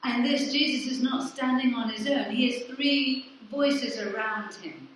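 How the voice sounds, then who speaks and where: Recorded far from the mic in an echoey church hall, a female vicar delivers a sermon, asking her congregation questions and then supplying the answers. She speaks a little slowly in a high, somewhat bright voice, with a faint hiss or hum.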